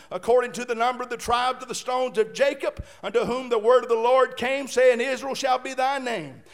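A man preaching a sermon, shouting fervently at times and reading scripture aloud with playful asides. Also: very high-pitched. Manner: playful asides while retelling the story.

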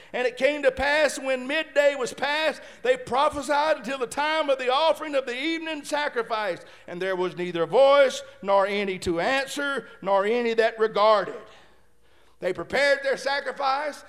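Guy preaching a sermon, real high voice, gets loud and fired up, jokes around. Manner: fervent, shouting in bursts, then reading scripture calmly; playful asides while retelling the story.

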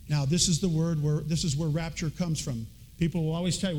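A high-voiced man preaches from the pulpit. He reads scripture earnestly and slips into homespun, folksy stories to make his point. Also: normal speed, low-quality recording. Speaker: pastor. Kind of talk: sermon.

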